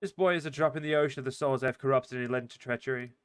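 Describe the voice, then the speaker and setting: A man reading out the lines of a scheming female demon cultist in a video game. He reads quickly and stumbles over words, in close to his own voice. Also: medium pitch, smooth, lightly acted. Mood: taunting. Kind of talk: reading game dialogue aloud.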